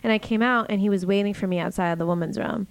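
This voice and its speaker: A woman in her late twenties from Boston, telling an anecdote in casual, profane, animated chat. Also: medium pitch, very fast, creaky, clear, resonant tone, no echo. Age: late 20s. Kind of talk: casual storytelling.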